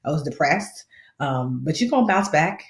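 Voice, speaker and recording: A woman's voice: low voice, normal speed, roomy sound. A woman in her thirties with a slight lisp, giving casual, slangy money advice and playfully acting out the people she quotes. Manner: animated, playful, slangy, acts out quoted voices. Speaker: personal finance host. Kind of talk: casual live-stream advice talk.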